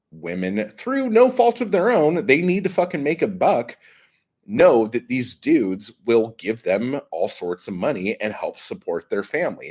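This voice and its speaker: A man's voice: mid-range voice, darkish tone. A man hosting a livestream, ranting in a profane, exasperated way and reacting to chat comments. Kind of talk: heated livestream rant.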